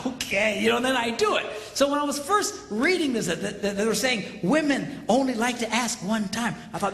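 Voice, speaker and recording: Animated, playful male pastor storyteller. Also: high voice, brisk, vocal fry, long reverb tail, a little hiss or hum. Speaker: pastor, marriage seminar speaker. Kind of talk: humorous marriage seminar talk.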